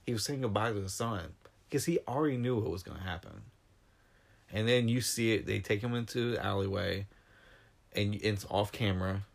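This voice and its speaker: A man with a somewhat low voice retells a film's story in casual chat. He gets animated, his voice jumps up for the big moments, and he sounds close to tears. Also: a little fast, creaky. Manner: animated, emotional storytelling, voice rising when retelling scenes. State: near tears. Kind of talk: casual film discussion.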